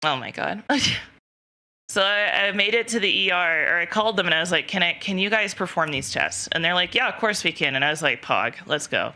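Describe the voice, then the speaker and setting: A woman's voice: fairly low pitch, lively intonation, fairly quick, pushed and bright. A young woman streamer casually telling a rambling story to her chat, laughing often and quoting herself. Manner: giggly, rambling, lots of self-quoting.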